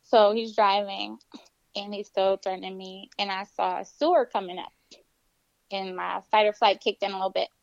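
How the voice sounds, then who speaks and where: A woman's voice: medium pitch, moderate pace, vocal fry, dry recording, dull audio. A young woman telling a personal story in casual conversation, acting out the voices of the people in it. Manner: animated, acts out quoted voices. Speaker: guest telling her story.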